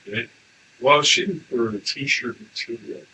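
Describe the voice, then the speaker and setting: A man's voice: medium pitch, animated, unhurried, pushed and bright. Blunt man on a noisy recording. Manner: blunt, swears casually. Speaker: questioner at a channeling session. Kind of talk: casual chat.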